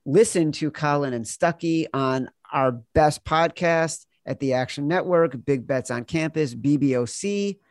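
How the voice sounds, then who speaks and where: A male podcast host with a fairly high voice teases his guest and runs the show in a brisk, chatty way. The sound is dry and close, with no room echo. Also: a little mellow. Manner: teasing, brisk wrap-up. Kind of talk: casual podcast chat.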